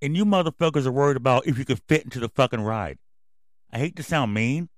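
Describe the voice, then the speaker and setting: A man's voice: mid-range voice, fast talker, no echo, studio quality, a faint crowd. Angry, swearing male podcast host. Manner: angry, yelling, swearing constantly. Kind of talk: profane ranting commentary.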